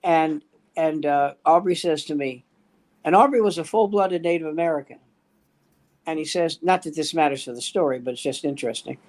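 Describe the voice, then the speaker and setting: A man's voice: on the high side, moderate pace, darkish tone. Older man spinning rambling comedy anecdotes. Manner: rambling anecdotes with acted quotes. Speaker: standup comedian. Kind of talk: casual storytelling chat.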